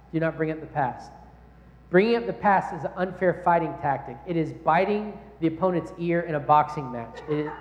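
A young man preaches in a relaxed, conversational way and asks his listeners questions. His voice sits fairly high for a man. It rings out through a large hall with a long, echoing tail. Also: dull audio. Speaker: pastor. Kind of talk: sermon. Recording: echoey hall.

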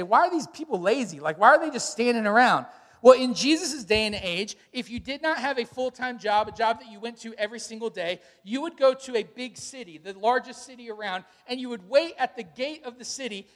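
A man in his thirties preaching a sermon, telling stories and acting out quotes with sudden shouts. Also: high voice. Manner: storytelling, animated retellings with shouted quotes. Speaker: pastor. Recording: long hall reverb.

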